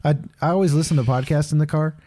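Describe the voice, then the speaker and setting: A man's voice: fairly high pitch, fairly even intonation, quick pace, mellow, a little hiss or hum. A man co-hosting a casual faith podcast, talking candidly and rambling, with lots of fillers like "dude" and "man.". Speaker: podcast co-host.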